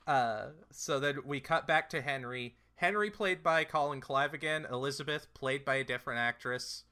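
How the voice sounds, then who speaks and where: A man with a bright, forceful voice casually retells a film's plot as a podcast co-host. He rambles through fillers and slips into playful quoted voices as he goes. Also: mid-range voice, a little slow. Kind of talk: casual movie recap chat.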